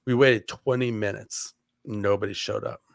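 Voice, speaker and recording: Guy on a podcast rambling thru a story, lots of "like", kinda low voice, dead dry sound. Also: steady tone, normal speed, gravelly, dry recording. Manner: rambling, heavy on "like" fillers and restarts. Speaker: podcast co-host. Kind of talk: casual storytelling chat.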